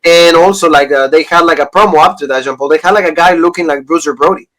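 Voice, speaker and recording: A man's voice: on the high side, quick pace, a bit bright, poor audio. A man co-hosting a wrestling review podcast, talking in an enthusiastic, rambling casual chat. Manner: enthusiastic, rambling fan talk.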